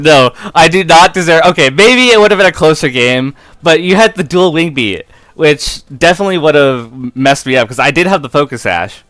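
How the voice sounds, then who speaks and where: A man giving live gameplay commentary in an excitable way, often breaking into helpless laughter, on a close, dry mic. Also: a little high, no room sound. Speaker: competitive game player and video creator.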